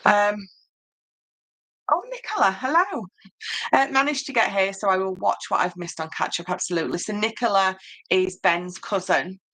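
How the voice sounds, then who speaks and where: Bright-toned Yorkshire woman teaching crafts. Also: medium pitch, animated, normal speed. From Yorkshire, England. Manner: chatty, reads out and answers viewer comments, many ums. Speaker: papercraft tutor on a live stream. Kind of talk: casual live-stream craft tutorial.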